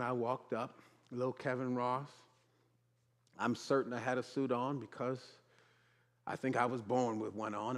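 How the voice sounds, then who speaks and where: A male pastor preaching a sermon through a humorous personal story with playful asides. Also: medium pitch.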